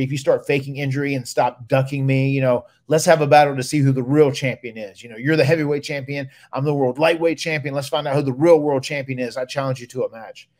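A man, casually telling stories on his podcast and getting loud when he acts out other people. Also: medium pitch. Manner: animated storyteller, loud when acting out others. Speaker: podcast host, retired wrestler. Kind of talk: casual storytelling.

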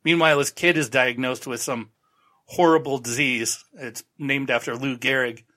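A man's voice: medium pitch, steady tone, normal speed, sharp tone. A male podcast host giving a rambling, sarcastic, casual recap of a TV show.

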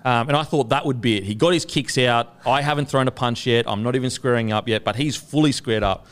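A man's voice: mid-range voice, fairly quick, clear, resonant tone. A man, host of a casual chat, telling a long story with lots of swearing and acted-out quotes. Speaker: podcast host.

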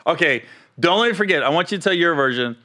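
Animated, bright-voiced man telling stories. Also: fairly high pitch, fast. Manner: animated, laughing, acts out quotes in voices. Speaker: comedian co-host. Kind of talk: casual podcast storytelling.

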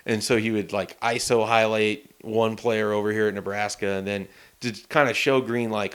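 A man's voice: fairly low pitch, steady tone, normal speed, fairly bright tone, smooth. A man co-hosting a casual sports podcast, telling stories in an easygoing, rambling way. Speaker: sports reporter and co-host.

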